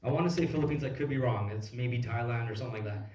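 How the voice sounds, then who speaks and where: A man's voice: mid-range voice, quick pace, a little mellow, lo-fi sound. A man in his thirties giving a motivational talk on stage at a business event, telling stories casually with lots of fillers and swearing. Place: event hall. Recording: echoey hall recorded from far off.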